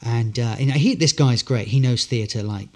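Male actor, guest; chatty, rambling storyteller, average pitch. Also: moderate pace. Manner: good-humoured, rambling storyteller. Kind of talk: casual interview anecdotes.

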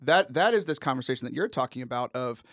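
A man's voice: medium pitch, expressive, quick pace, fairly bright tone, dry recording, studio quality. A man hosting a radio talk show, chatting casually and earnestly with frequent laughs. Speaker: radio host. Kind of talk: casual chat.

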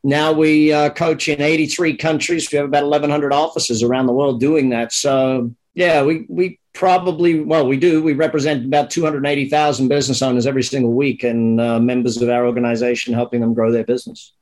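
A man's voice: mid-range voice, brisk, hardly any pauses. Middle-aged Australian man, interview guest, easygoing storyteller. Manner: relaxed storytelling with fillers. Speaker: guest, business coach founder. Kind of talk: interview conversation.

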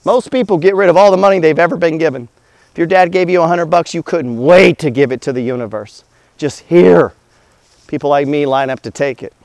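A man's voice: fairly high pitch, fairly quick, darkish tone, dry recording. A man giving a blunt, profane motivational talk about money, full of rhetorical questions. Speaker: host.

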